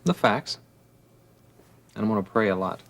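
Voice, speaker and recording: Calm sincere surgeon, radio drama. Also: male voice, lowish voice, normal speed, gravelly. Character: calm steady male surgeon.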